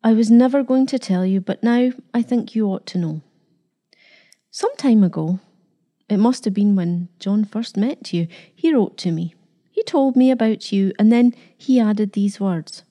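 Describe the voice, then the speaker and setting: A woman voicing an older grandmother in a storybook reading, firm and steady. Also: mid-range voice, unhurried, natural voice. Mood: earnest.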